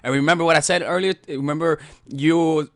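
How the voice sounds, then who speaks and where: A man giving a casual spoken lesson as a dating coach, talking in a loose, animated way with frequent restarts and swearing. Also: a little high, brisk, creaky, dry recording, clean studio sound.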